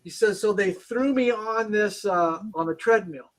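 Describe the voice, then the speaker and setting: A man's voice: high voice, unhurried. A man, a guest on a livestream, explaining things step by step in casual chat. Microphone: livestream call.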